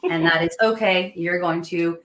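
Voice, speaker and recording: A woman in her thirties hosts a casual podcast chat, talking with the eager, laughing energy of a devoted fan. Her voice is bright and forward. The room around her is noticeably echoey. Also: fairly low pitch, normal speed. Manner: excited, gushing fan with frequent laughs. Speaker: podcast host.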